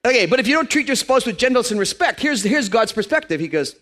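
A man in his fifties preaching a lively, joking sermon to a congregation in a church. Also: extremely high pitch, fast. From Canada. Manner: animated, joking, playful put-on voices.

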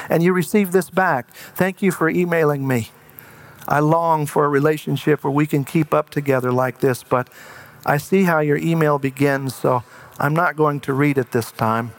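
A man preaching a sermon in an earnest way, slowing down and dropping to a hush for emphasis. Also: on the high side.

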